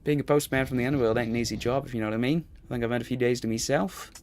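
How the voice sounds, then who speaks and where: A man's voice: mid-range voice, racing, darkish tone, slight background noise, lightly acted. A man voicing a weary male postman from the underworld, using a shaky put-on accent and rambling.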